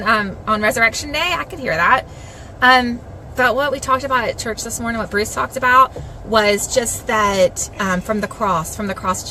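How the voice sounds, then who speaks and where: Bright, earnest Southern woman preaching. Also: mid-range voice, a little hiss or hum, low-quality recording. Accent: Southern American. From South Georgia, USA. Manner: earnest and animated, repeats phrases for emphasis. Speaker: Christian blogger giving a devotional. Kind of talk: casual devotional talk to viewers.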